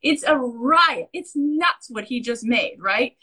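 Emphatic woman coach, higher voice. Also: animated, slow, pushed and bright. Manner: emphatic, repeats points, tags lines with "right?". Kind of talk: casual conversation.

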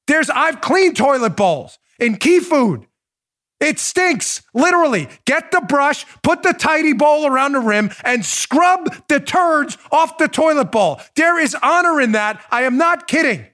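Brief: middle-aged male talk host, blunt, profane, repetitive ranting, pitch up high and all over the place. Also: animated, normal speed, bright, forceful tone. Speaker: political podcast host. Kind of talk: ranting political commentary.

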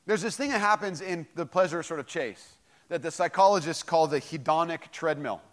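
A man preaching a sermon, telling a story and acting out both sides of a phone call, then dropping to a low, quiet intensity for key points. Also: moderate pace. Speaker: pastor.

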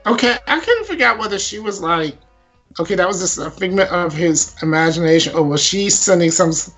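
Guy hosting a movie podcast, kinda high voice, rambly and jokey, faint music behind. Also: animated, brisk, fairly bright tone. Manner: rambling, playful, restarts often. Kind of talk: casual movie discussion.

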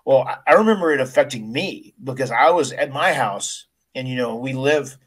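A man's voice: mid-range voice, animated, normal speed, husky. Middle-aged male podcast host, conversational storyteller who stumbles and restarts, mid-range voice. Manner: storytelling, frequent restarts, emotional recollection. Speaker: podcast host, retired wrestler. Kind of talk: casual podcast interview.

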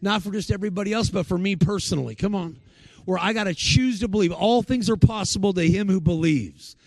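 A man's voice: high voice, a little fast, darkish tone, no echo. A male preacher giving a sermon, telling stories and acting out the people he quotes. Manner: storytelling, acts out the people he quotes.

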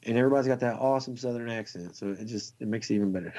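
A man, a fly tier, telling a long story in a casual, excited, rambling way and laughing often. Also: mid-range voice, rapid-fire.

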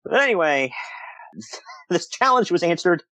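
A man co-hosting a casual podcast, laughing often as he retells events and acts out what others said. His pitch swings widely, going up and down as he talks. The recording is close and dry, with no room sound. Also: measured pace, dry recording, rough recording. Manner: laughs often, animated retelling with quoted asides. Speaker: podcast co-host recapping wrestling. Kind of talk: casual chat.

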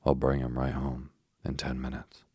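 A man's voice: a bass voice, completely flat delivery, normal speed, mellow, husky, no room sound, clean studio sound, exaggerated voice. A man voicing a blunt, grumbling young boy who scoffs at his sister's plans. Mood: eager.

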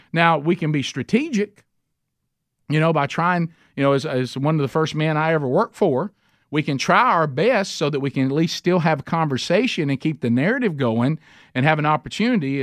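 A man's voice: fairly high pitch, dry recording, clean studio sound. A man teaching a men's Bible study, emphatic and conversational, often restarting his sentences.

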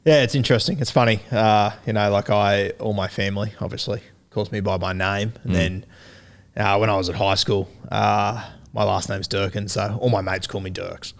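A man guesting on a studio podcast, talking in a relaxed way with a slight stutter. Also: fairly low pitch, normal speed, vocal fry, hardly any pauses. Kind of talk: casual chat.

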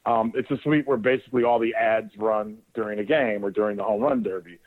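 A man's voice: on the low side, fairly even intonation, a little fast. A male sports radio host telling a casual, rambling story on air, sometimes swearing and often restarting his sentences. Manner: rambling, profane, with frequent restarts. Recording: dry, narrowband phone-like audio.

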